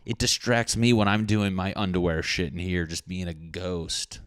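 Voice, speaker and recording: A young man with a low, deep voice runs a casual solo podcast, riffing and ranting in a crude, jokey way full of swearing. The sound is dry and close, with no room echo. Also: flat delivery, normal speed, few pauses, clear, resonant tone. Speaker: podcast host.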